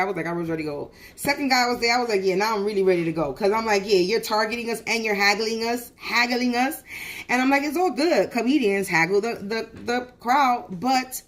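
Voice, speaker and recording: A woman's voice: on the high side, a bit bright. A woman venting on a phone livestream, telling a story in a heated, profane way with lots of restarts. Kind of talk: venting casual monologue.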